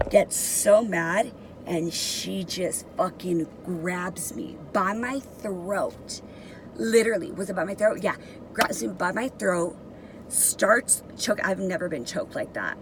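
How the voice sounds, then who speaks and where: A woman's voice: fairly low pitch, slow, background noise. A young woman vlogger telling a personal story in a casual, emotional and profane way, rambling with many fillers.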